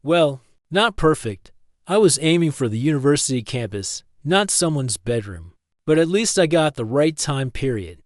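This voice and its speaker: A man's voice: a little high, sing-song, normal speed, dry recording, clean studio sound. A man voicing a cheerful, brainy young woman physicist from the future, who talks in a chatty, polite and apologetic way.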